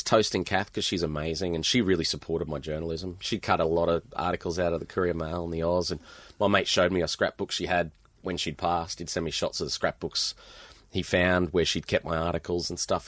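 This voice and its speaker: An Australian man, middle-aged, a guest author telling long animated anecdotes in a podcast interview, full of casual slang. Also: low voice, fairly quick, no echo.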